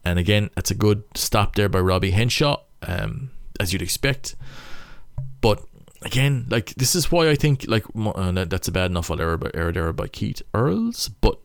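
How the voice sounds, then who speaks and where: A man's voice: fairly low pitch, sing-song, moderate pace, vocal fry, no room sound. Stop-start Irish man breaking down rugby. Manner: stop-start, thinking aloud. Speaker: rugby player analysing match footage. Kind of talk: casual match breakdown commentary.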